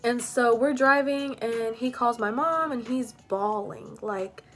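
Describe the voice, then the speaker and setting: A woman's voice: on the high side, slow, fairly bright tone, faint music behind. A young woman telling a personal story in a casual, rambling way, full of "like" and "you know".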